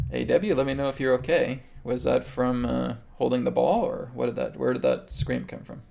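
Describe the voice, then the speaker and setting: A man hosting a live show, calmly guiding a healing meditation and answering viewers' questions, often checking in with "okay". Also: mid-range voice, measured pace, gravelly. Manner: calm, instructive, repeats okay. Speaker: host and spiritual healer.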